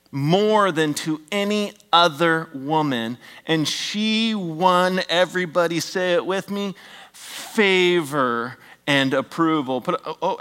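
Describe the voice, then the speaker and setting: A middle-aged pastor delivering a sermon in a somewhat high voice. He is animated, drops his voice to near-whispers for effect and throws in joking asides to the congregation. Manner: animated, swings from loud emphatic bursts to hushed near-whispers.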